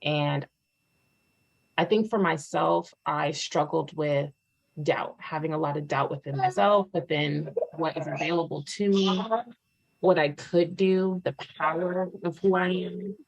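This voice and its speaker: Candid woman telling her own story, low gravelly voice, lots of ums. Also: unhurried, muffled recording. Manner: candid, filler-heavy, rising to animated retelling. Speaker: testimonial speaker. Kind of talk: personal testimony.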